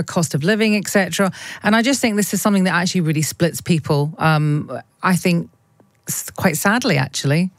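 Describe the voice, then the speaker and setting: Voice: medium pitch, no echo. A host asking questions and musing aloud in a radio discussion, hesitant with many restarts. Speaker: show host.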